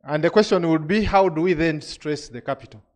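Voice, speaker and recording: A man's voice: fairly high pitch, brisk. A man presenting regulations to an industry audience, explaining step by step with frequent restarts.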